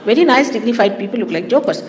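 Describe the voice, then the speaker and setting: A woman giving a spiritual talk to her followers in an animated, teasing way, often laughing. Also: on the high side, fast, long reverb tail. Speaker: spiritual teacher.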